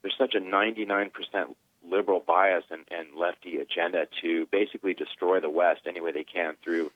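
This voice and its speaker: Male caller, very low voice, earnest rambler; phone-line audio. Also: fairly even intonation, a little fast, no room sound. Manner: earnest, rambling, run-on sentences. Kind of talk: phone-in opinion.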